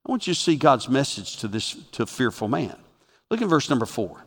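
A man preaching a sermon as a pastor, animated and swinging from loud to hushed. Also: mid-range voice, fairly quick, in a large hall.

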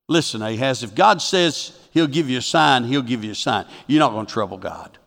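A man preaching a sermon as a pastor, animated and swinging from loud to hushed. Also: a little high, normal speed, creaky, hardly any pauses, long reverb tail.

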